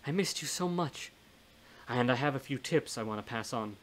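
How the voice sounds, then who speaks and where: A man's voice: medium pitch, fairly even intonation, a little fast, close to an everyday voice. Man doing folksy old ghost lady, blunt, scolding, storybook reading. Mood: warm. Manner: plain-spoken, scolding. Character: older woman ghost, blunt, folksy, caring.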